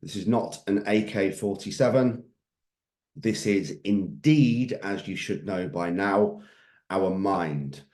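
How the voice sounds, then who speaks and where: A man's voice: low voice, slow, darkish tone, echoey room. A man coaching a group on mindset, intense and emphatic, swearing freely. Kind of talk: motivational group training talk.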